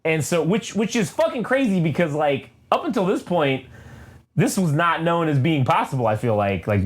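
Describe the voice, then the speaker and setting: Male podcast co-host, lively swings in pitch, casual, profane comic recap. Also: a little hiss or hum. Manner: animated, profane retelling with quick character voices.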